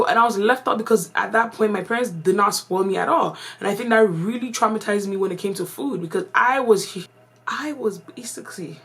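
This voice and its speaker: A woman from Canada telling a casual storytime vlog, slangy and chatty, full of "like" and "yo.". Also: mid-range voice. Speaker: vlogger.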